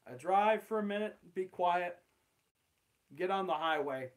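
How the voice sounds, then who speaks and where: A man's voice: high-pitched, animated, measured pace. A young man casually telling an awkward personal story, rambling and swearing, with lots of fillers. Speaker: channel host.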